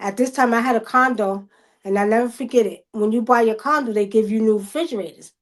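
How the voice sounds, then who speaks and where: A woman, telling stories casually on a video call livestream, animated, loudly acting out the quotes. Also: a little high, fast. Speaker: guest.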